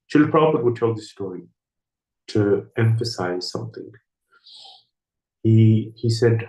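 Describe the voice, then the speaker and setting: A man's voice: normal speed, long pauses, a little mellow. A man giving a scripture class, telling a story in sermon style and acting out the characters' lines. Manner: storytelling, acting out dialogue with raised pitch. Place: temple hall. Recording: echoey room.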